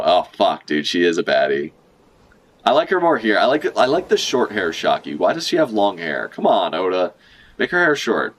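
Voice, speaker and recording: A young man giving excited, joking live reaction commentary, swearing freely and laughing a lot. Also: on the low side, moderate pace. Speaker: manga reaction streamer.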